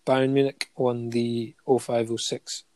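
A man's voice: mid-range voice, flat delivery, measured pace, a little mellow, no room sound. A man in casual podcast chat, reading out a long list of honours with frequent ums and light chuckles. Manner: listing facts steadily with many ums and chuckles.

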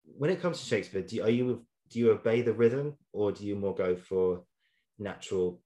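A man hosts a casual interview podcast, asking questions in a relaxed, enthusiastic way. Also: fairly low pitch, normal speed, lo-fi sound. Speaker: podcast host. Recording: roomy echo.

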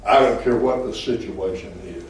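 A man preaching a fervent sermon as pastor, with call-and-response and bursts of shouting. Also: fairly low pitch, normal speed, slight background noise. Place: church sanctuary. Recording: echoey church hall from far off.

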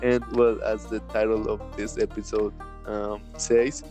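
A man's voice: fairly low pitch, flat delivery, measured pace, warm tone, faint music behind. A man from hosting a casual podcast, hesitant, with many ums, and laughing often. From Latin America. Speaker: podcast host.

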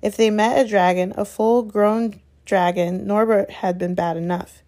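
A woman reads a novel aloud in steady, unhurried narration, now and then correcting a slipped word. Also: medium pitch. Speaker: reader.

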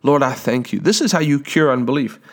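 A man preaching a sermon, reading scripture aloud and praying earnestly, slowing down to stress words. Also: medium pitch, expressive.

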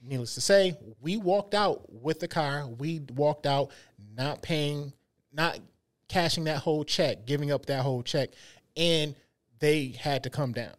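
A man's voice: a little high, unhurried. Emphatic colloquial man co-host. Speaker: podcast co-host. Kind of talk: casual chat.

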